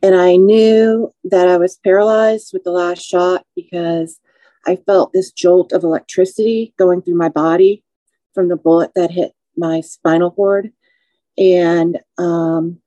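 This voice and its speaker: A woman in her forties, a podcast guest, telling her personal story slowly and with emotion. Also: medium pitch, steady tone, dark tone, no echo, rough recording. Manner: measured, slow, emotional recounting.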